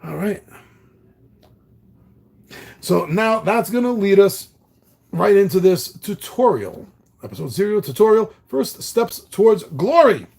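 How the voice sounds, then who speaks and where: A man's voice: high-pitched, very animated, measured pace, gravelly, pauses often, a little mellow, slightly rough. A man hosting a solo tabletop game playthrough, reading the story text dramatically with casual asides. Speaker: host.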